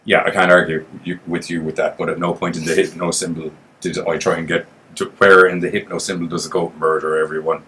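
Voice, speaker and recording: A man's voice: low voice, level tone, fast talker, pushed and bright. A man co-hosting a horror podcast in casual chat, joking and swearing as he rambles. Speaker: podcast co-host.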